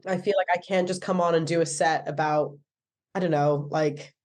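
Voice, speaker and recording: A woman's voice: deep voice, fairly even intonation, normal speed, darkish tone. A woman in her thirties with an American accent, a stand-up comedian chatting casually in an interview, full of "like"s and self-corrections. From England. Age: 30s.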